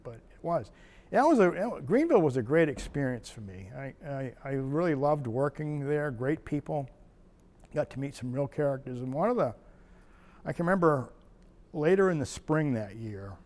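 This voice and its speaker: A man's voice: mid-range voice, a little mellow, in a large hall. Older man telling field stories. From Maine. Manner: rambling anecdotal telling with restarts and quoted dialogue. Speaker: wildlife biologist. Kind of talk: oral history storytelling.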